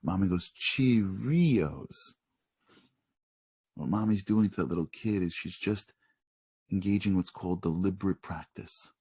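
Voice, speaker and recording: A man preaching a sermon in an animated, conversational storytelling manner. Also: low voice, brisk, slightly rough, no echo.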